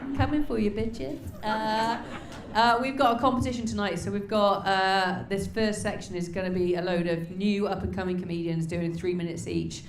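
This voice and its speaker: A woman in her forties works as MC at a live stand-up night, doing brash, profane crowd work with sudden loud high yelps into a stage mic. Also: fairly even intonation, moderate pace, hardly any pauses, reverberant, background noise. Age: 40s. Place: comedy club stage.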